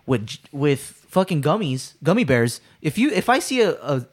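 A man's voice: a little high, very animated, moderate pace. A man co-hosting a casual podcast, rambling through a comparison, joking and swearing. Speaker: podcast co-host.

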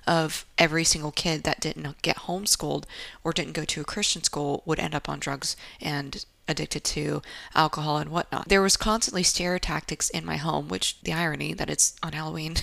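A young adult woman hosting a podcast, telling a personal story in a candid, wry, lively way with asides. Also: sits low, brisk, gravelly, no echo. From Japan. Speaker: podcast host. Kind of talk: casual storytelling monologue.

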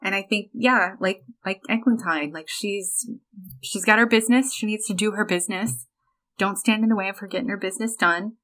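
A woman's voice: mid-range voice, fairly bright tone, rough recording. A woman co-hosting a podcast, talking casually and emphatically about an old musical film. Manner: chatty, emphatic, quick asides. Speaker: podcast co-host.

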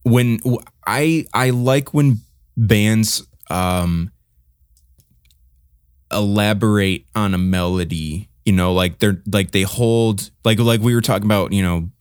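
Low-voiced man rambling about music. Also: takes it slowly, smooth, no echo, studio quality. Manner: rambling, many fillers and restarts, hums riffs. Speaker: podcast co-host. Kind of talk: casual music review chat.

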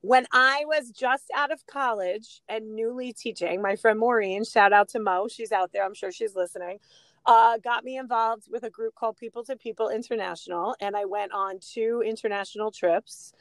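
A middle-aged woman co-hosting a podcast, telling animated stories and laughing often in a casual chat. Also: on the high side, normal speed, dry recording. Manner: animated storytelling, laughs often, gives shout-outs. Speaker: podcast co-host.

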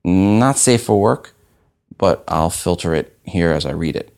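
A man's voice: sits low, lively intonation, a little slow, vocal fry, darkish tone. A man hosting a podcast solo, talking casually with wry asides. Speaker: podcast host.

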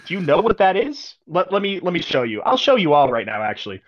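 A man's voice: a little high, sing-song, lo-fi sound, pitched above the performer's own voice. A man voicing a smug, menacing godlike dragonborn who taunts his victims with cruel glee, in a tabletop role-play. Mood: taunting. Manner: gleeful, cruel, drawn-out taunting.

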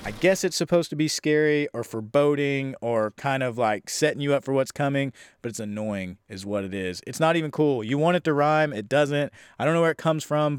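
A young man casually reviewing an old horror film, rambling, sarcastic and profane, acting out scenes in quick voices. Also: medium pitch, clean tone, dry recording, clean studio sound.

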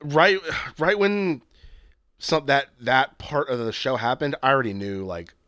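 A man's voice: mid-range voice, unhurried, a bit bright, no room sound, lo-fi sound. A man chatting casually as a podcast co-host, rambling with many fillers and restarts and swearing freely. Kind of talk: casual chat recapping a TV show.

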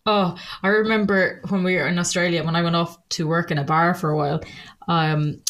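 A young Irish woman telling lively stories in casual chat, laughing and acting out what people said. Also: on the low side, brisk. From Ireland. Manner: animated, laughing, acts out quotes in voices. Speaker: podcast co-host.

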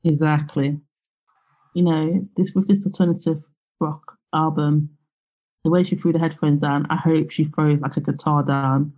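A woman's voice: deep voice, steady tone, normal speed, warm tone, muffled recording. Chatty woman, light laughs. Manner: chatty, laughs often, many fillers. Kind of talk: casual chat.

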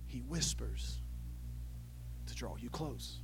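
A man in his thirties preaching a sermon, telling a family story with lively swings between loud and hushed delivery. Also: medium pitch, slow, over music, poor audio. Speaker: pastor.

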